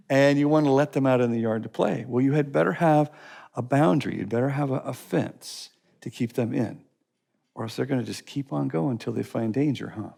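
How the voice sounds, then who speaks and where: A man teaching a recorded class session, repeating phrases and telling lively stories. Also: mid-range voice, gravelly. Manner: repeats phrases, lively storytelling with put-on voices. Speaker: curriculum teacher.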